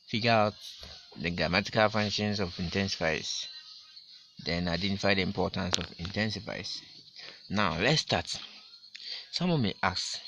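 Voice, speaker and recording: A male teacher walks his class through a grammar lesson, repeating each example and leaning hard on the key words. His voice sits a little low but sounds bright and forceful. A faint hiss runs underneath. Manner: slow, repetitive explaining with emphatic stress.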